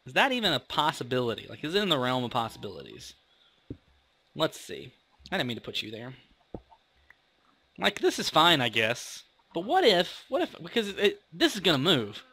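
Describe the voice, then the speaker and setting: A young man talking through a game as he plays, chatty and rambling and quick to poke fun at himself. His voice is bright and tense-edged, swinging up and down in pitch with plenty of life. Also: huge pitch swings, husky. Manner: rambling, chatty, self-mocking. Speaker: gaming video host. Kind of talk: casual let's-play commentary.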